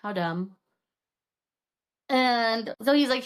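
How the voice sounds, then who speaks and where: A woman co-hosting a podcast chats casually about a book, retelling it by acting out the characters. Her storytelling is animated and includes swearing, delivered at a moderate pace in a fairly high-pitched voice.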